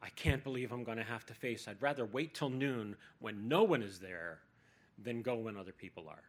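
A man's voice: lowish voice, normal speed, lightly acted. A man voicing a sarcastic, defensive Samaritan woman at a well, in a sermon retelling. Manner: snarky, defensive.

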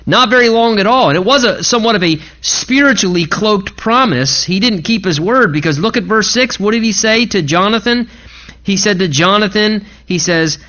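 Bright-voiced man preaching a sermon. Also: sits high, expressive, moderate pace, dull audio. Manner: conversational, emphatic, acts out quotes. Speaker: pastor. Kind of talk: expository sermon.

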